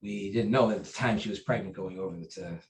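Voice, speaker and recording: A man's voice: brisk, slight background noise, rough recording. A man, a martial arts instructor, telling a personal story in a casual interview. He rambles, with fillers and restarts. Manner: acts out quoted dialogue with raised pitch and volume.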